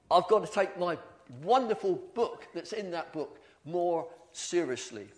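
A middle-aged man delivers a sermon with earnest feeling, sometimes tripping over his words and starting again. His voice sits somewhat higher than most men's. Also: animated. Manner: earnest, halting with repeated restarts. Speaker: pastor.

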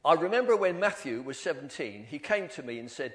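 A middle-aged male pastor preaching a sermon in an earnest, halting way, often restarting his words. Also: fairly high pitch, sing-song, fairly bright tone.

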